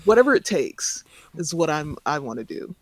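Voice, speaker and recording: A man's voice: a little high, very animated, normal speed. A man in casual podcast chat, talking earnestly in long runs.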